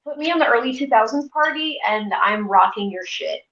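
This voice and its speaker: A woman in her forties chats freely and swears through a home cooking stream, poking fun at herself. Her voice sits fairly high and bright, and it rings around an echoey kitchen. The audio is dull and lo-fi. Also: expressive, brisk. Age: 40s. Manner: chatty, profane, self-deprecating. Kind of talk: casual cooking livestream chat.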